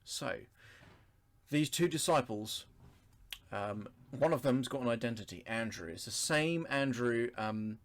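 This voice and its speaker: A man teaching a Bible study, reading scripture aloud and explaining it verse by verse in a thoughtful, unhurried way with pauses and self-corrections. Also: mid-range voice, animated.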